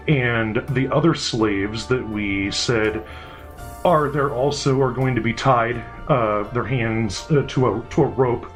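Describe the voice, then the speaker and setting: A male game master narrating a tabletop game in a loose, casual way, swearing freely and rambling through his asides. His pitch is ordinary for a man, with faint music behind him.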